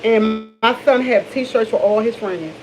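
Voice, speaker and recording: A woman's voice: fairly high pitch, measured pace, a little hiss or hum, rough recording. Middle-aged D.C. woman chatting candidly. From Washington, D.C. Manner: candid, rambling, with many restarts. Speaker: vlogger. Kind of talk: casual morning chat to camera.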